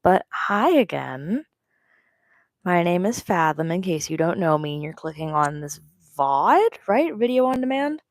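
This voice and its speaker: A young woman who makes and sells crochet chats during a casual work-along livestream, her morning voice offhand and rambling as she works, recorded on a wearable mic. Her voice is on the low side with lively intonation and a slightly slow pace, and the audio is poor but has no room sound.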